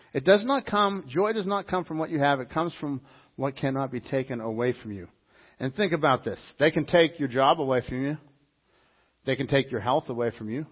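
Male pastor, sermon, husky and slightly high, animated with repeated lines, dull lo-fi recording. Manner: animated preaching with mimicked voices and repetition. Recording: dull lo-fi sound.

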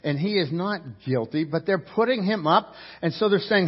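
A man's voice: sits high, animated, normal speed, husky, dull audio. A man preaching a sermon as pastor, telling the story vividly and acting out the characters' lines.

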